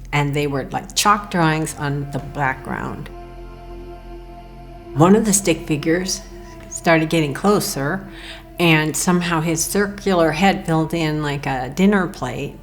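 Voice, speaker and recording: A woman recounting a personal experience in an earnest, emotional way, quoting her own thoughts. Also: on the low side. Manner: earnest, emotional retelling with quoted inner thoughts. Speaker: near-death experience storyteller. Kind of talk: personal testimony.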